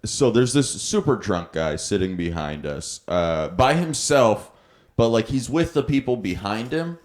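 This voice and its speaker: Low-voiced man telling a wild story. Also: a little slow, roomy sound. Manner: animated anecdote telling, laughing often. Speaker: podcast co-host. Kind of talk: casual storytelling chat.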